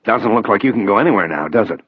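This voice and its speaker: A man voicing a menacing male federal agent who taunts and threatens in a deep, husky voice. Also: lively intonation, fast talker, no room sound, phone-quality sound.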